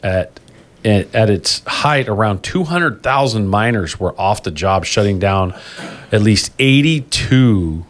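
A man's voice: fairly low pitch, animated, takes it slowly, a little hiss or hum. A man hosting a union podcast in casual chat, rambling with restarts and self-corrections and laughing easily.

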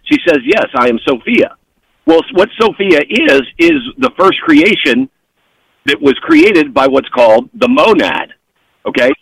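A man as a podcast guest, telling an animated story in an excitable way and constantly checking in with the listener. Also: high-pitched, a little slow, vocal fry, slightly rough, no room sound, low-quality recording. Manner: excitable, keeps checking in with "okay?".

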